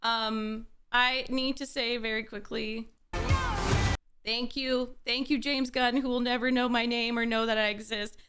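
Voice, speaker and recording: A young woman hosting a reaction video, talking casually in an excitable way and often laughing and swearing. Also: fairly high pitch, unhurried, music in the background.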